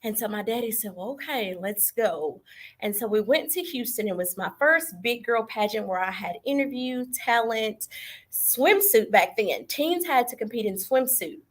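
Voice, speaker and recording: A woman's voice: on the high side, lively intonation, normal speed. A young adult woman with a Texas Southern accent, earnestly telling her pageant story as an interview guest on a video call, politely saying yes ma'am.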